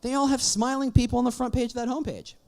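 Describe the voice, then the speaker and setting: A man's voice: very high voice, fairly even intonation, quick pace, vocal fry, darkish tone. A man giving a conference talk, wry and teasing, firing rhetorical questions at the audience. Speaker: conference speaker. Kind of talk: keynote talk. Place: conference stage.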